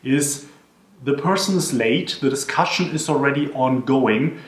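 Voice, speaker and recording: A man explains conference call etiquette in an earnest, instructional way, slowing down whenever he repeats a key piece of advice. His voice sits at an ordinary middle pitch. The recording carries a noticeable room echo. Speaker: presenter giving workplace tips. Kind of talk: instructional talk to camera. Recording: echoey room.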